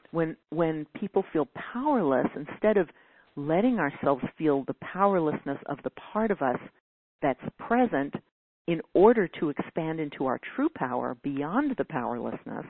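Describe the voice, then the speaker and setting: Answering a caller in an earnest teaching talk, a woman whose voice sits low with a breathy edge now and then mimics whiny voices in quotes. There's no echo; the recording sounds dry and phone-like.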